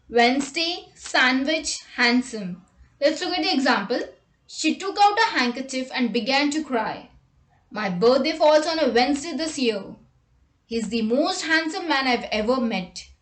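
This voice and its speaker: Woman, English teacher, high voice, slow deliberate reading, roomy echo. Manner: reads example words and sentences slowly and deliberately. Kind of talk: scripted vocabulary lesson.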